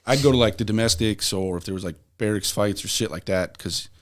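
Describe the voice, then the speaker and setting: A young man with a fairly low voice tells stories in a loose, rambling way, swearing freely as he drifts on and off the point. He is a podcast guest in casual conversation, talking easily with the host. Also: fairly quick. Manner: profane, rambling anecdotes. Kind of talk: casual storytelling.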